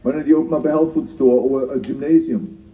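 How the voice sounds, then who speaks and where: A man's voice: mid-range voice, steady tone, fairly quick, warm tone. An older man with a German accent gives an emphatic public speech, repeating his key phrases and joking at his own expense. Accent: German-speaking. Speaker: keynote speaker at a citizenship ceremony. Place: outdoor ceremony. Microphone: speaker's mic filmed from the audience. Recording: distant, echoey, dull audience phone recording.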